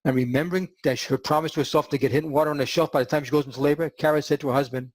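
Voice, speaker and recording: A man hosting a podcast and telling a story in an animated way, acting out the quotes. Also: fairly high pitch, very fast, few pauses, no echo. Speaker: podcast host.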